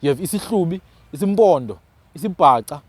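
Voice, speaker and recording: A man's voice: a little high, expressive, a little fast, dry recording. A South African man hosting a casual discussion, talking emphatically and often tagging his phrases with "man". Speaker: podcast host.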